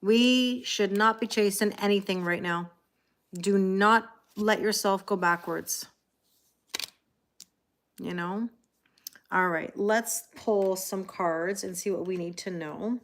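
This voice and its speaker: A middle-aged Canadian tarot reader talks slowly and pauses often, her mid-range voice a bit bright, with a little hiss or hum in the background. Live streaming, she chats, greets viewers by name, and reads out comments.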